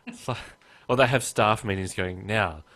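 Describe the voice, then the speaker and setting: A man's voice: fairly low pitch, moderate pace, fairly bright tone. A man hosting a podcast in casual chat, joking and reading texts aloud in mock voices. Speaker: podcast host.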